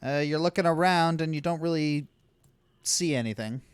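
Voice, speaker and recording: A man acting as game master narrates a tabletop game over voice chat, sounding laid-back and hesitant and using many fillers. His smooth voice is fairly high-pitched and moves at a moderate pace.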